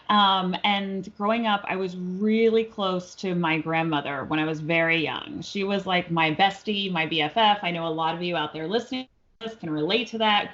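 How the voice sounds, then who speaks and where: A woman's voice: fairly low pitch, dull audio. A woman telling a personal story on a podcast, acting out the voices of the people in it. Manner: animated storyteller, acts out quoted voices. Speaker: guest psychic medium.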